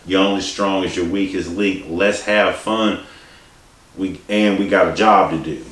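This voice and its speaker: A man's voice: low-pitched, fairly even intonation, a little slow, fairly bright tone. A man telling a story in a casual, rambling, profane way, with many restarts and asides. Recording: echoey room, distant mic, faint hiss.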